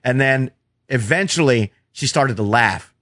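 A man's voice: mid-range voice, measured pace, no echo, studio quality. A man, a stand-up comedian, telling heckler stories in casual podcast chat, swearing freely and acting out quotes. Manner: profane, animated storytelling with acted-out quotes.

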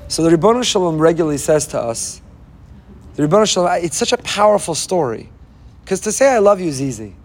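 A man's voice: a little high, lively intonation, fast, a little hiss or hum. A man giving an impassioned sermon as a rabbi, firing off rhetorical questions and weaving in Hebrew phrases. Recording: long hall reverb.

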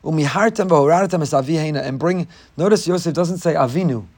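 A man delivers a Torah class at a fairly high pitch for a man. He moves between reading Hebrew passages and explaining them in plain English. His voice climbs with emphasis whenever he poses a rhetorical question. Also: fast, a little mellow. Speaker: rabbi giving a Torah class. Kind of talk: Torah lecture.

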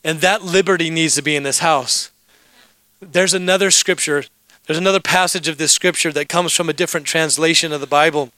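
A man's voice: on the high side, fairly even intonation, a little fast, sharp tone, no room sound. A middle-aged man preaching as pastor, telling stories and joking with the congregation. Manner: storytelling, joking asides with the congregation. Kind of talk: sermon.

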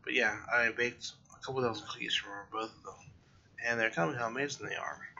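A tired young man talks through his week on his own podcast, rambling and correcting himself. His voice is gravelly but bright and sharp. The recording is dull and lo-fi. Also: mid-range voice, steady tone, fast. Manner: rambling, self-correcting, yawning late at night. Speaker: podcast host. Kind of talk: casual solo monologue.

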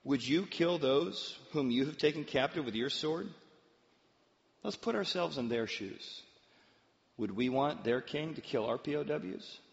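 Merciful prophet, as a male preacher plays him: gentle, measured, slightly high male voice, echoing hall. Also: expressive, vocal fry. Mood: calm, gentle. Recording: dull, long-reverb hall sound.

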